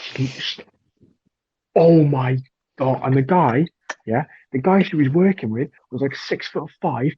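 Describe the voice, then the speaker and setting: A man co-hosting a casual podcast, an animated storyteller who swears freely. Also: mid-range voice, unhurried, husky. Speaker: podcast co-host. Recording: dull lo-fi dry mic.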